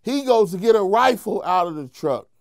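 A man, a comedian, telling an animated, profane story in an interview, mimicking the people he quotes. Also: moderate pace, no room sound, clean studio sound. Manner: profane, acts out quotes in high voices, laughs while telling.

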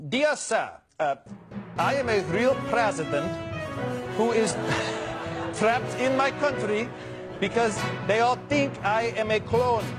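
A man's voice: very high voice, expressive, slow pace, long pauses, exaggerated voice. A comedian putting on a Nigerian accent to voice a male president pleading in a scam email, mock-formal and pleading. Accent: put-on Nigerian. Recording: loud audience and music behind.

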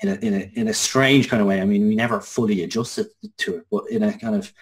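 A man's voice: on the low side, steady tone. An Irish man in his thirties, a guest telling a personal story with many restarts. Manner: halting, many restarts and fillers. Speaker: interview guest.

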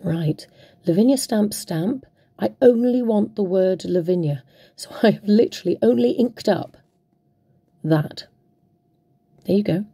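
A woman hosts a casual crafting demonstration, chatting playfully and talking to herself as she works. Her mid-range voice is mellow with a breathy edge, and she speaks unhurriedly, pausing often, on a dry recording.

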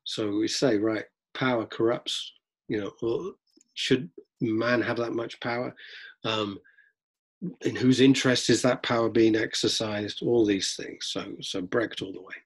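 A middle-aged man, a drama teacher, lecturing students in a lively way and acting out examples as he goes. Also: on the low side, unhurried, husky. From London, England. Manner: lively, acts out examples, frequent restarts. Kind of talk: lecture-style talk to students.

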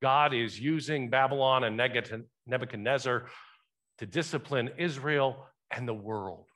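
A man's voice: medium pitch, unhurried, a bit bright. A male pastor preaching a sermon in a church, talking conversationally and asking the congregation questions. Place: church sanctuary.

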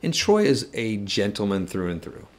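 A man with a fairly low voice tells a story to a co-host in loose, casual chat. He rambles and restarts, then drops jokes and quick asides along the way. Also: sing-song. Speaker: guitar shop co-host.

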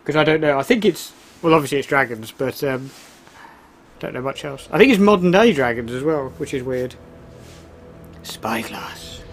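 A man's voice: medium pitch, a little fast, a little hiss or hum. A man giving casual, wry commentary while starting a video game, with sarcastic asides. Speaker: let's play host.

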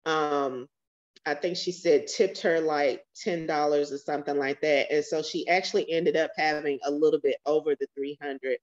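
A woman with a lowish voice shares a testimony from her own life over a video call. She talks it through as a story, with plenty of ums, and briefly voices the people in it. The call audio is dull and lo-fi. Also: fairly even intonation, normal speed. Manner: storytelling, acts out quoted voices, many fillers. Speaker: church member sharing a testimony.

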